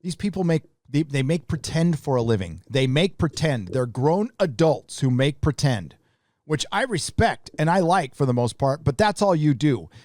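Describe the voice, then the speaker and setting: A man's voice: fairly high pitch, big pitch swings, moderate pace, a little mellow, no room sound, studio quality. Man ranting bluntly with a raised voice. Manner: casual, with restarts. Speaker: live stream host. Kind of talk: live stream commentary.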